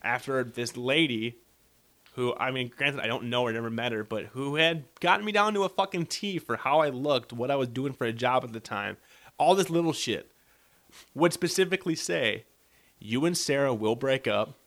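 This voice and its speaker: A man hosting a podcast, telling a story in a profane, animated, rambling way. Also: medium pitch, normal speed. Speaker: podcast host. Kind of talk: casual storytelling.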